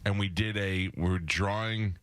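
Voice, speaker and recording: A radio host with a lowish voice chats casually in his studio. He is relaxed and chatty, tossing in quick asides. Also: dry recording.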